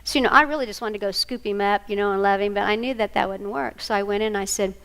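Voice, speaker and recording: A woman's voice: medium pitch, quick pace, clear, resonant tone. An older woman with a Southern American accent giving a workshop talk, telling family stories and acting out the voices in them. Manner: animated, acts out voices in her stories. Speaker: workshop speaker. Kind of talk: storytelling lecture.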